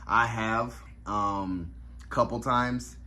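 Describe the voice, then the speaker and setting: Low-voiced man, reflective and emotional. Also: steady tone, very slow, sharp tone. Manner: reflective, emotional, many fillers. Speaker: reviewer. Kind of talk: casual review vlog.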